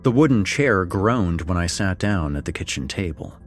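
Deep-voiced man narrating a story. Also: moderate pace. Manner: expressive, swings between wry and somber. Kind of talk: first-person fiction narration with dialogue. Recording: faint background music.

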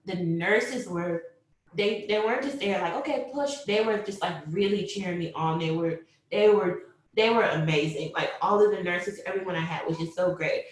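A young woman telling a personal story, animated, acting out what people said and laughing often. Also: lowish voice, moderate pace. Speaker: mother telling her birth story. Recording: very echoey room.

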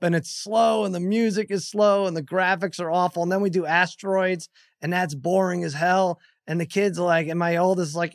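A middle-aged man with a fairly high voice tells a story with gusto, jumping up loud when he acts out scenes. The sound is close and dry. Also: fairly quick, dry recording. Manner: animated storyteller, raises his voice acting out scenes. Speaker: podcast guest. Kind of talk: casual chat.

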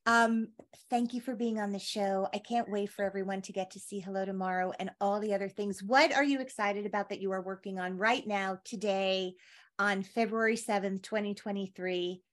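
A woman's voice: medium pitch, fairly even intonation, moderate pace. A woman hosting a podcast, asking a guest questions in a playful, teasing way. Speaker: podcast host. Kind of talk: casual interview chat.

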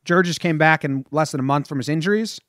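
A man's voice: fairly high pitch, fast, fairly bright tone, no echo, clean studio sound. A man co-hosting a casual podcast, reading out a prepared history story and chatting with his co-host. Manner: reads a prepared story, then chats and laughs with his co-host.

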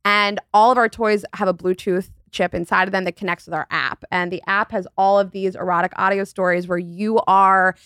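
A woman guest on a casual podcast, describing products in a quick, matter-of-fact way. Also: mid-range voice, steady tone, a bit bright, clear, resonant tone, dry recording, studio quality. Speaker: guest, company co-founder.

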